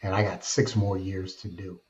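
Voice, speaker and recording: Earnest middle-aged man, dark muffled voice. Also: deep voice, normal speed. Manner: earnest, colloquial, animated storyteller. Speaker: podcast guest. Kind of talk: candid personal storytelling. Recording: dull lo-fi sound.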